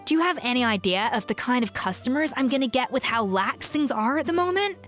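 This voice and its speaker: A woman's voice: high-pitched, lively intonation, fast talker, faint music behind. A woman with a British accent voicing an exacting, haughty female food vendor who complains about lax standards, in video game voice acting. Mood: disdainful.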